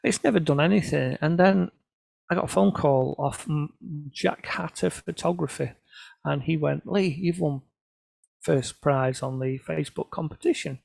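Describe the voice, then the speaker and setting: Middle-aged man, gravelly storyteller, lightly raised pitch, dry recording. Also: moderate pace, darkish tone, no echo. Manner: storytelling, self-deprecating, quoting others in voices. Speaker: photographer presenting his work. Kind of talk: casual anecdotal talk to an audience.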